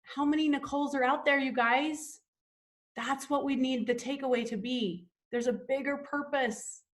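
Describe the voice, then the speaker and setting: A woman's voice: sits high, normal speed. A woman hosting a sales team call, talking in an enthusiastic, gushing, motivational way.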